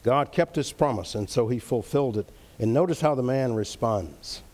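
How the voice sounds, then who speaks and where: A man leading an interactive Bible study, teaching earnestly, repeating key phrases and reading verses slowly. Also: mid-range voice, darkish tone.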